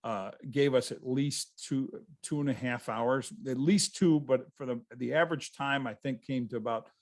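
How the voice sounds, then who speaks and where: A man's voice: medium pitch, moderate pace. A man, a guest author, telling stories in a casual interview over a video call, rambling and restarting his sentences.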